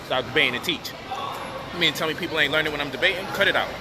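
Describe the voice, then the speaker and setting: Brash trash-talking man using street slang, loud noisy city street behind him. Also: on the high side, racing. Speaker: online debater and teacher. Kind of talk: boastful casual talk to camera.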